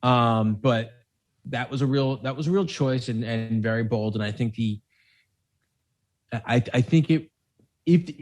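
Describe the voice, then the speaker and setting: A man's voice: mid-range voice, a little slow, long pauses, darkish tone. Man, podcast co-host, casual film talk, rambling, restarts often.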